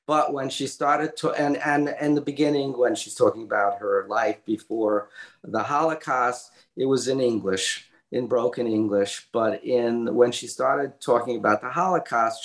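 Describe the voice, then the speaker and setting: An older man, an author and illustrator, telling a family story in an interview, halting with many fillers and restarts and acting out quoted lines. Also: mid-range voice, reverberant. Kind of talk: conversational storytelling.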